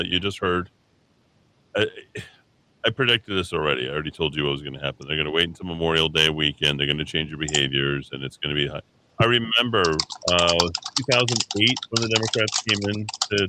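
A man's voice: deep voice, a little fast, very noisy. A man hosting a talk radio show from a station studio, rambling opinionated monologue full of hesitations and restarts.

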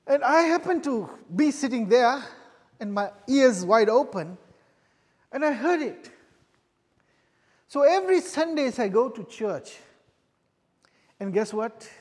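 A man with a high voice preaches and tells his own testimony. He sounds earnest and halting, and he often restarts and repeats his phrases. His voice rings with the long reverb of a church hall. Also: big pitch swings, darkish tone. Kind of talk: sermon with personal testimony.

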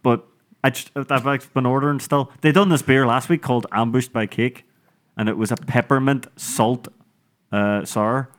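A man hosting a podcast, telling stories in casual banter with lively voices for the people in them. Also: medium pitch, normal speed. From Ireland. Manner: animated storytelling, laughing often. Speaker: podcast host.

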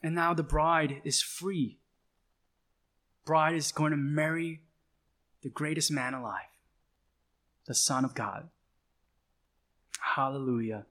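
On the high side and a bit bright, this man's voice leads a sermon as pastor. His preaching is emphatic and repetitive, with slow, deliberate pacing and short calls repeated to underline each point.

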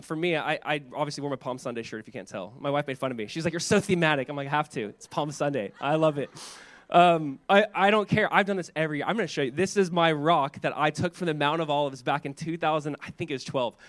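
A man preaching a sermon as pastor, animated and conversational, with chatty asides to the congregation. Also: on the high side, fast talker, no room sound.

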